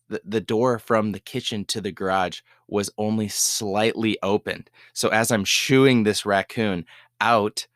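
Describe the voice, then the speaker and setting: A young adult man casually telling a funny personal story, acting out what was said with sudden jumps to a higher voice. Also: dry recording, clean studio sound. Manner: animated storyteller, acts out quoted lines in a higher voice. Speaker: podcast host.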